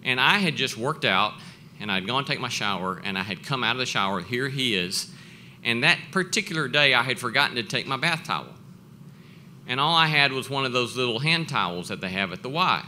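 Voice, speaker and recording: Earnest, bright-voiced male professor speaking. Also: mid-range voice, lively intonation, slight background noise. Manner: earnest, reflective, halting restarts. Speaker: professor giving a talk. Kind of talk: personal storytelling speech. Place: event breakfast gathering.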